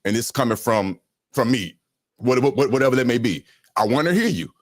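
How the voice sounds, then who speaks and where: A man's voice: mid-range voice, animated, dry recording. Earnest man, dry close sound. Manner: earnest, measured. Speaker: panelist. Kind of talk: heated live-stream debate.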